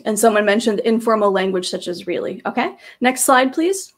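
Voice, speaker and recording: A woman's voice: mid-range voice, animated, normal speed. A woman presenting slides to teachers, explaining in a patient way with frequent fillers and restarts, speaking into a computer microphone on a video call. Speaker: teacher trainer presenting a webinar.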